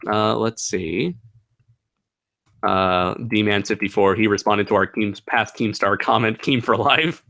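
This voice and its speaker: A man's voice: on the low side, fairly even intonation, slow, gravelly, bright, forceful tone. A young man hosting a casual livestream Q&A, rambling and laughing, with many fillers. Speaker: channel host.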